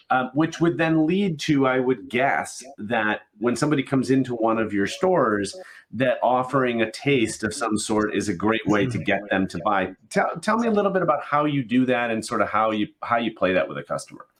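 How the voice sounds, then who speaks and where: A man's voice: on the low side, a bit bright. A man hosting a video interview, asking questions in a friendly, joking way. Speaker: podcast host. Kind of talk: conversational interview. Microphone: video call.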